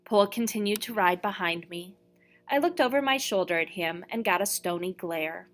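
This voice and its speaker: A woman's voice: medium pitch, lively intonation, normal speed. Woman reading a novel aloud. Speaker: audiobook reader. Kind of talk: first-person novel narration.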